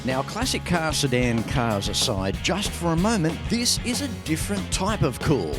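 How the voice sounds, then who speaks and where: A man's voice: fairly high pitch, moderate pace. An Australian man hosting a motoring show, talking and narrating with enthusiasm. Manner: enthusiastic, lively presenter delivery. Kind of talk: presenter narration. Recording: music bed underneath.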